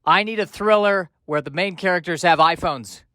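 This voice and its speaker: A man's voice: high-pitched, normal speed, pushed and bright, dry recording. A man hosting a podcast, rambling through comic, self-mocking asides in a casual monologue. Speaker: podcast host.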